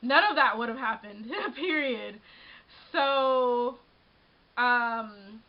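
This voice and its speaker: A woman in her twenties talking straight to her camera at home, her voice sitting a little high. She rambles and restarts, with plenty of fillers. The sound is dull and lo-fi, like a built-in webcam mic. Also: drawn-out words. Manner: rambling, frequent restarts and "like", shaken but laughing. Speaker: vlogger. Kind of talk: casual vlog storytelling.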